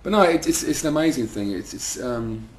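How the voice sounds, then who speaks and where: A man's voice: medium pitch, expressive, a little fast, a little hiss or hum. A man, telling rambling, swearing anecdotes in an interview. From London, second generation Irish. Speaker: band member. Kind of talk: casual interview storytelling.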